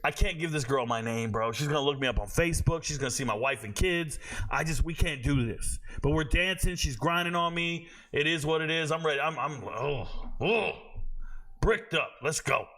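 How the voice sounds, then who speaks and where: A man in his forties hosts a live stream, talking straight to his chat viewers. His voice sits a touch high and bright, pushed out with real force. He jokes loudly and spins stories in relaxed slang. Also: moderate pace. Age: 40s. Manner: loud, joking, slangy storyteller.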